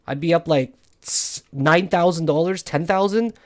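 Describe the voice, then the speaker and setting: A man's voice: on the high side, moderate pace. Tired, swearing man narrating his trades. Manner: frustrated, swearing often, thinking aloud. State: tired from no sleep. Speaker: crypto day trader. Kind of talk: live trading commentary over charts.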